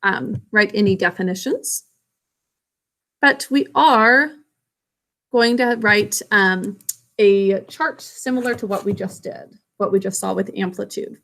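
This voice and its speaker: A woman's voice: mid-range voice, slow pace, vocal fry, a bit bright. A woman science teacher giving a recorded lesson, patiently explaining step by step with small fillers.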